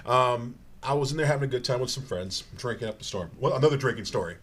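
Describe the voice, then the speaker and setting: A man telling rambling, animated comic stories on stage as a guest, stumbling over his words and laughing as he goes. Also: medium pitch, fast. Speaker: guest comedian. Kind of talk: live comedic storytelling.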